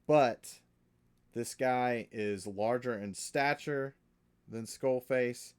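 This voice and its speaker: A man narrating as game master of a tabletop game, with a mid-range voice. He talks slowly and haltingly, searching for words as he describes the scene. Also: mid-range voice, smooth.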